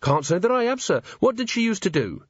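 Figure: earnest young male watch captain, read by a man. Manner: polite, deferential. Pitch: high. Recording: dry. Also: very animated, a little fast, husky, no room sound, dull audio, exaggerated voice. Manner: deferential, respectful, says sir often.

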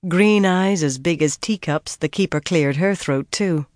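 An audiobook narrator giving steady, measured scripted narration of a fantasy story. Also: mid-range voice, no room sound, clean studio sound.

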